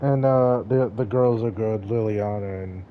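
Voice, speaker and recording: A man's voice: on the low side, a little slow, narrow, tinny audio, slight background noise. A man narrating as game master of a tabletop game, laughing now and then as he describes the action. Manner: laughs while narrating, relaxed.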